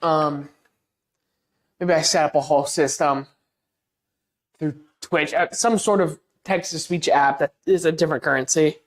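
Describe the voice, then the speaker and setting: A woman's voice: deep voice, fairly even intonation, measured pace, long pauses. A woman live streamer in casual chat with her audience, rambling with lots of restarts, laughing at herself while she paints a wall. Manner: self-deprecating and laughing easily.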